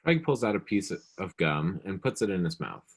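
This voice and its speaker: A man reads stage directions in a plain, matter-of-fact way. His very deep voice is husky. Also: big pitch swings, normal speed.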